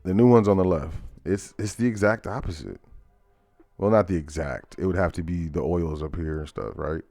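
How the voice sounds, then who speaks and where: A man's voice: low-pitched, normal speed, a little mellow, dry recording, faint music behind. A man hosting a casual current-events talk show, reading headlines aloud and breaking into laughter with loose asides. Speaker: host.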